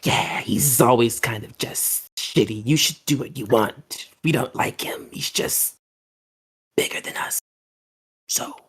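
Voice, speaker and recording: A resentful green dragon , voiced by a man, mutters bitterly about his older brother in a hushed, half-whispered tone. It is a tabletop game voice, casual and sullen. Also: mid-range voice, slow pace, breathy edge, exaggerated voice.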